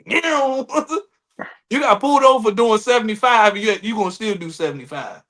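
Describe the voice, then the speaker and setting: A bright-toned man with a DC-area accent talks fast and loose in a podcast chat. His pitch sits high and swings widely as he acts out other people with loud outbursts. He swears freely throughout. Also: very animated. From Washington DC area. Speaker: podcast co-host. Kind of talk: casual chat.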